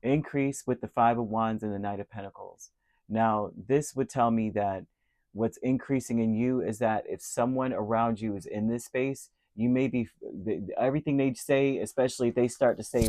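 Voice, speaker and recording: A man of middle pitch reading tarot cards in a loose, conversational way. He laughs easily and wanders off into asides. The sound is dry and close, with no room behind it. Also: fairly quick, dark tone, dry recording. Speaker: tarot reader. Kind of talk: casual spoken tarot reading.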